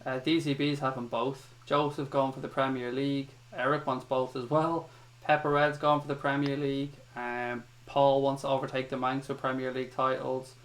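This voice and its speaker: Chatty livestream host. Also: male voice, mid-range voice, level tone, normal speed. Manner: chatty, reads out viewer comments. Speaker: host of fan chat show. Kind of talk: casual livestream chat.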